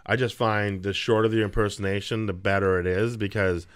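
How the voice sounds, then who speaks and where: A man's voice: on the low side, flat delivery, brisk, smooth. A man who does stand-up comedy, chatting in an easygoing way on a radio show and laughing along. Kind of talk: casual radio interview chat.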